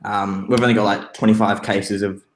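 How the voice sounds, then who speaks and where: Soft-spoken Australian man on a call. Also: fairly low pitch, little pitch movement, normal speed, roomy sound. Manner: modest, hesitant, many fillers. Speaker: caller. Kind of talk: casual chat.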